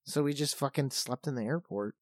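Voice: mid-range voice, fairly quick, no echo, studio quality. A speaker in casual chat, blunt and swearing often, laughing along.

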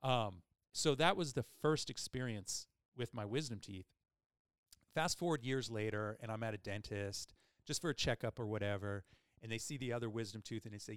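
A man's voice: lowish voice, moderate pace, smooth, no echo, studio quality. Man telling a story with lots of fillers. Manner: animated, rambling with many fillers. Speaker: podcast host. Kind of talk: casual storytelling chat.

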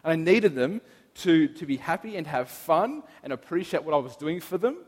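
A man's voice: fairly high pitch, big pitch swings, moderate pace. A man in his thirties, a pastor, giving a sermon in an earnest, personal, reflective way. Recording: long reverb of a large hall.

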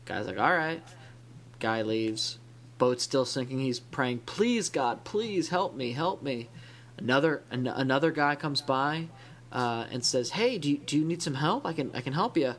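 A man's voice: medium pitch, lively intonation, a little slow, fairly bright tone. A man co-hosting a podcast in casual discussion, talking in a thoughtful, rambling way with many restarts. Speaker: podcast co-host.

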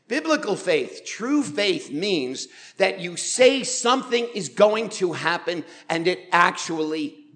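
A man preaching a sermon in a church, drawing the congregation in with questions and light humor, slowing to stress key words. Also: on the high side, a bit bright. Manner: engages the congregation with questions and show of hands. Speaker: pastor. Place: church sanctuary.

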